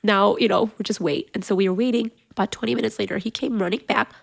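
A woman guest on a podcast, telling a personal family story in an emotional, animated way, with many fillers. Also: mid-range voice, fast talker, creaky.

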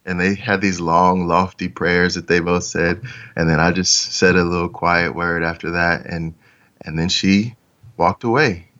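A man's voice: deep voice, steady tone, measured pace, fairly bright tone, lo-fi sound. A man interviewed as a podcast guest, telling a story in an earnest, reflective way with trailing restarts.

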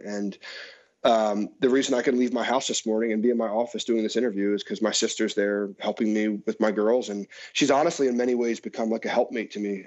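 Earnest middle-aged man, lo-fi sound. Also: lowish voice. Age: 40s. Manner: earnest, reflective, with soft laughs. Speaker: pastor, guest. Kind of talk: conversational interview. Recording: dull lo-fi sound.

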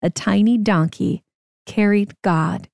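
Woman slowly reading a rhyming storybook. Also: mid-range voice, creaky, darkish tone. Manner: slow, rhythmic rhyming narration. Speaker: parent reading to her children. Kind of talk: storybook read-aloud.

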